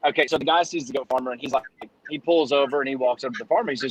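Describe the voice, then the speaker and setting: A man's voice: medium pitch, very fast, breathy edge, rough recording. A man hosting a casual podcast chat who tells jokes in a loose, profane storytelling manner. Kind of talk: casual chat and joke telling.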